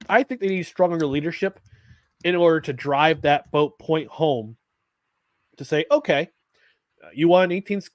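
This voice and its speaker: A man's voice: a little high, no room sound. A man co-hosting a live sports talk show, rambling with restarts and reading viewer comments aloud. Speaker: podcast co-host.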